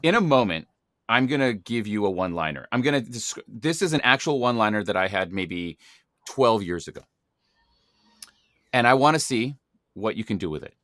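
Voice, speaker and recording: A male podcast host with a bright, forceful voice and a playful, showy way of running segments. The sound is close and dry, with no room tone around him. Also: lowish voice, lively intonation, moderate pace, long pauses, dry recording. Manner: playful, theatrical announcing. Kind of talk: casual podcast hosting.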